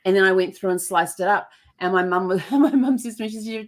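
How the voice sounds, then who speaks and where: A woman's voice: mid-range voice, fast. Middle-aged female host, casual and talkative, mid-range voice, lots of ums and laughs. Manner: chatty storyteller with frequent fillers and laughter. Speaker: show host. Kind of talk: casual chat.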